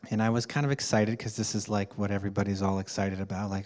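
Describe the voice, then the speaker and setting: A man telling a personal story to a workshop group, halting with fillers and restarts, with amused laughs. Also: lowish voice, level tone, darkish tone. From United States. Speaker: workshop participant.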